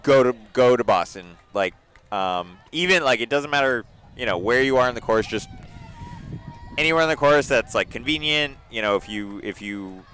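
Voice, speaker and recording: A man's voice: mid-range voice, expressive, normal speed, fairly bright tone, clean tone. A young man giving casual commentary at an outdoor track meet, chatty and full of filler words. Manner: chatty, filler-heavy with frequent laughs.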